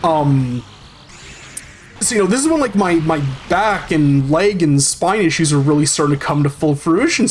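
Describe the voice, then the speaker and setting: A man streaming a video game, telling a long story in a rambling, profane way with many restarts and fillers. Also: high-pitched. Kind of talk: casual storytelling over gameplay.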